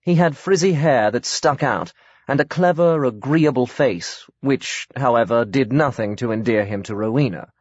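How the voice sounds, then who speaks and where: A man narrating an audiobook in a measured, even way. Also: mid-range voice, dry recording. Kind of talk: scripted narration. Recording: dry, slightly dull audiobook recording.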